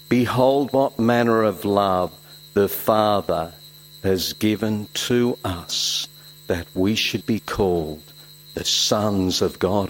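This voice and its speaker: A middle-aged man, originally from Switzerland, preaching a sermon, swinging from loud emphasis to soft asides. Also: lowish voice. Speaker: pastor.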